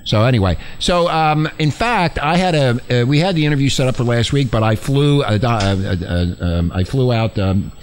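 Male talk host, average pitch, rambling, cocky and foul-mouthed. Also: animated, normal speed, hardly any pauses, a little hiss or hum. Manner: profane, boastful, full of fillers and restarts. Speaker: podcast co-host. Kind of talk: crude, rambling talk show banter.

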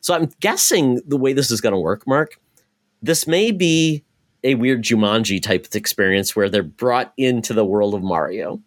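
A man hosting a gaming podcast, talking in an animated, opinionated way. His pitch moves a lot as he talks, and the recording sounds dry and close. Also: no echo. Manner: animated, opinionated, quick asides. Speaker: podcast host. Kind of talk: casual chat.

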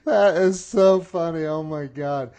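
A man's voice: on the high side, a little slow, dark tone. A man hosting a podcast interview, enthusiastic and laughing often, starting his sentences over. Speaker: podcast host. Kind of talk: casual interview chat.

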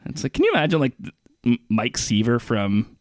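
A man co-hosting a podcast, telling stories loosely with a laugh and quick impressions. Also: medium pitch, huge pitch swings, no room sound, studio quality. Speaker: podcast co-host. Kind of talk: casual chat. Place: Toronto area.

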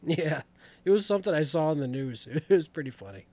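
A young man trades quips on a podcast, his pitch bouncing a lot and sitting fairly high for a man. The sound is dry and close, with no room around it. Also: animated, a little fast, a little mellow, dry recording. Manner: laid-back, short replies and wisecracks. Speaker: podcast co-host. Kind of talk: casual chat.

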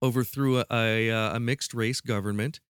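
A man's voice: mid-range voice, steady tone, normal speed, clean tone, no echo, studio quality. A man hosting a casual podcast quiz, playful and prone to restarting mid-sentence. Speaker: podcast host running a quiz.

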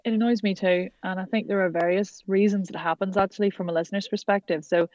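A woman's voice: medium pitch, fairly even intonation, fast talker, a little mellow, no echo. A woman from Ireland, a coach speaking passionately in a podcast conversation. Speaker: accent coach. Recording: dull lo-fi dry sound.

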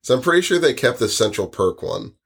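A young woman co-hosting a casual chat podcast, wry and quick with dry one-liners. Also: rumbling low, sing-song, vocal fry, slightly rough. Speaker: podcast co-host.

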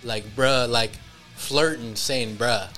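A man's voice: medium pitch, steady tone, takes it slowly, sharp tone, faint music behind. A man co-hosting a podcast, joking around, laughing a lot and swearing freely in crude casual banter. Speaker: podcast co-host.

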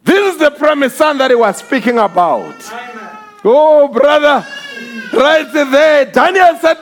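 A male preacher delivering an impassioned sermon, often shouting and crying out hallelujah as he acts out the voices in his stories. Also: very high voice, expressive, slow pace. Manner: acts out quoted voices while storytelling. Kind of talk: fervent sermon.

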